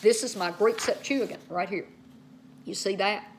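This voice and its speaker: A woman teaching Bible study in a casual way, often saying "okay", spelling out words and slowing down to stress key terms. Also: mid-range voice, a little hiss or hum.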